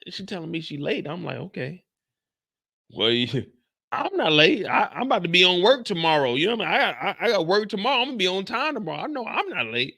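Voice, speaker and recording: A man hosting a casual show recap, telling stories loudly with lots of profanity and acting out the dialogue. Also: a little high, vocal fry, dry recording. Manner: loud, profane, animated, acts out dialogue. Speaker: show host.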